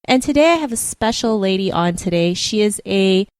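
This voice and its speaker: A woman's voice: mid-range voice, animated, moderate pace, clear, resonant tone, dry recording. Cheerful woman interviewer on a podcast, upbeat delivery, dry recording. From Canada. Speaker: podcast host.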